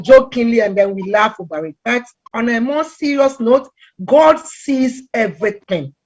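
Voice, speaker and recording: A middle-aged woman from Ghana giving a conversational talk on relationships, telling stories with lively acted-out quotes. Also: fairly high pitch, normal speed, highs cut off. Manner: animated storytelling, acts out quoted voices. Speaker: relationship talk guest speaker.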